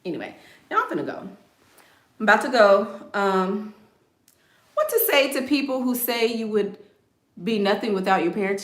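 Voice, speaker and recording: A woman's voice: mid-range voice, big pitch swings, moderate pace, long pauses, a bit bright. Blunt, emphatic woman in an echoey room. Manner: emphatic, repeats phrases for effect; blunt and self-assured. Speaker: online content creator. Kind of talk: casual live-stream chat.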